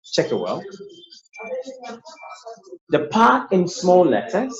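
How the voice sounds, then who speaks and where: Animated, patient male English tutor. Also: sits high, slow pace. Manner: patient, explanatory, often repeats words. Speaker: pronunciation tutor. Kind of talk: online lesson with screen sharing. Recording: roomy, dull lo-fi sound.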